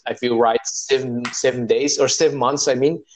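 Man speaking haltingly. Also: medium pitch, steady tone. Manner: halting, searching for words. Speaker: guest writer. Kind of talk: casual conversation.

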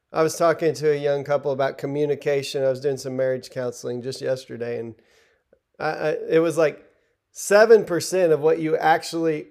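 A man's voice: a little high, darkish tone. A middle-aged man preaching a sermon in an earnest, conversational way, retelling the text and stumbling over restarts now and then.

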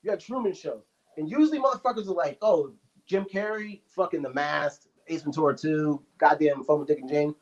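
A man, a comedian, chatting on a podcast in a loud, profane, animated way. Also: fairly high pitch, fairly quick, dull audio. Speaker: comedian guest. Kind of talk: casual podcast chat.

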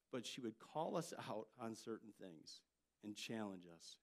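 An older man, a pastor, preaching a sermon and telling family stories with lively jumps in loudness. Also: lowish voice, unhurried. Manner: storytelling, animated delivery with jumps in loudness.

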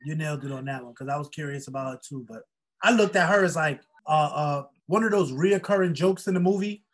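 Husky-voiced relaxed movie chat co-host. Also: medium pitch, brisk. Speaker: podcast co-host reviewing a movie. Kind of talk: casual chat.

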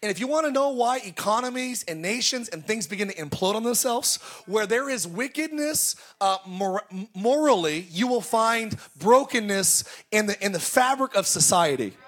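A man preaching in a high, light voice at a church service. He tells his stories in a loose, personal way. He keeps breaking into loud, shouted exclamations. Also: expressive, normal speed, few pauses. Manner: storytelling, bursts into shouted exclamations. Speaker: pastor. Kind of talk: sermon.

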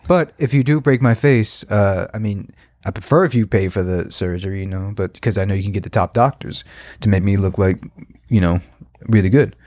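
A man's voice: on the low side, brisk, darkish tone, no echo, studio quality. A man co-hosting a podcast in casual chat, cracking crude, profane jokes. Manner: joking, crude, profane banter. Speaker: podcast co-host.

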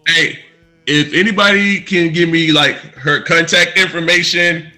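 A man's voice: a little high, fairly even intonation, a little slow, bright, forceful tone, soft background music. A man hosting a casual podcast chat, playful and steering with questions. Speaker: podcast host.

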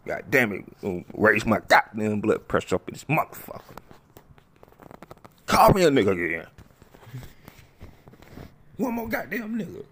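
A man's voice: fairly low pitch, big pitch swings, normal speed, pauses often, fairly bright tone, pitched below the performer's own voice, full character voice. A man voicing a hot-tempered, menacing tough guy who swears and threatens in a comedy skit. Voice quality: gravelly, profane. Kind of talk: comedy skit with character voices.

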